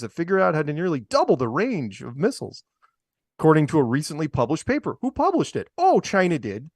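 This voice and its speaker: A man's voice: a little high, huge pitch swings, fairly quick, no echo, clean studio sound. A man co-hosting a talk show, reading news items aloud and mocking them with sarcastic asides. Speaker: podcast co-host. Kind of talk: casual commentary on news clips.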